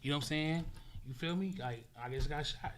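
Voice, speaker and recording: A man, a podcast guest, telling a vivid, profane story in casual talk, acting out sounds and swinging between loud bursts and hushed murmurs. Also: on the high side, brisk, slight background noise.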